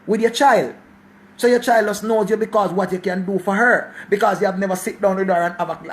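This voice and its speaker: In a passionate, offhand monologue, a Jamaican man in his forties lectures about life in a blend of patois and English, swearing and going over the same points again. His voice sits high.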